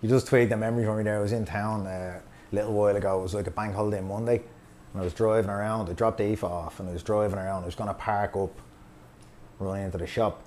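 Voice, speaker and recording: A man's voice: on the low side, fairly even intonation, fast, darkish tone, slight background noise. Man telling a sweary story. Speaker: podcast host. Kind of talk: casual storytelling chat.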